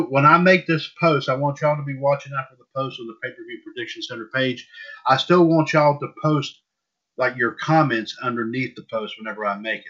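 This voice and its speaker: A man's voice: mid-range voice, pushed and bright. A man hosting a casual wrestling news podcast, rambling and repeating himself. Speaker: podcast host. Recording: dull lo-fi audio.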